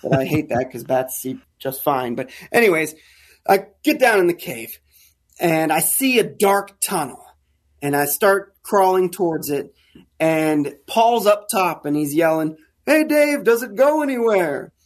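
Podcast guest: American man, casual, lively storyteller, a touch higher pitched. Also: measured pace. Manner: animated, acts out quoted dialogue. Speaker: guest, caver.

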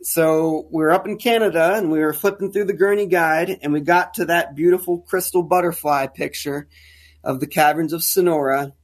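A man telling a caving story as a podcast guest, casual and animated, acting out the lines of people in it. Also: a little high, moderate pace. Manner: animated, acts out quoted dialogue. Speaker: guest, caver.

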